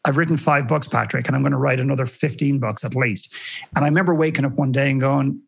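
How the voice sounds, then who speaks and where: A man speaking as a guest coach in a podcast interview, telling a story in an animated way and acting out the voices he quotes. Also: mid-range voice, fast talker, gravelly, slightly rough.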